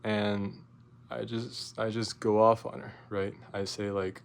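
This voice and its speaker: A young man telling a rambling, profane story in a casual vlog, full of fillers and restarts, getting loud and animated as he retells his outburst. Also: fairly low pitch, unhurried, creaky, a little hiss or hum. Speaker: vlogger.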